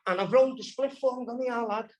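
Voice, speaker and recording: A man's voice: very high voice, fast, low-quality recording. A man with a Scouse accent from Birkenhead, telling his story candidly and bluntly at a live recovery workshop, swearing freely. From Birkenhead, England. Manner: blunt and profane, heavy swearing. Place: live convention hall.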